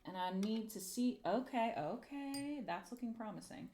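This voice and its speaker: A woman's voice: a little high, animated, moderate pace, mellow, slight background noise. A young adult woman streaming live, muttering, swearing and chatting with viewers while she works on a craft project. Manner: muttering and self-deprecating, swears, talks to chat while working. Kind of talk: casual livestream crafting chatter.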